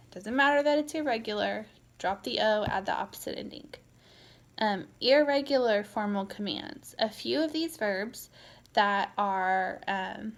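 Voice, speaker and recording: A woman teaching a Spanish grammar lecture. She talks slowly and methodically, often pausing with an um or uh. Her voice sits in an ordinary middle range, and she is in no hurry. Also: medium pitch. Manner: slow and methodical, with frequent ums and uhs. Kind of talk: recorded lecture.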